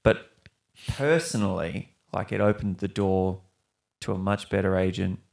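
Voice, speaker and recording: A man's voice: deep voice, unhurried, gravelly, a little mellow. A young man, an actor, talking casually and rambling as a podcast guest. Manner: rambling, with many restarts and mild swearing. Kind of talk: casual interview chat.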